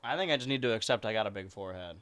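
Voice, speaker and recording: A man's voice: lowish voice, expressive, racing, fairly bright tone, smooth. A man chatting casually on a live stream and cooing at his cats between remarks. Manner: chatty, coos and baby-talks to his cats.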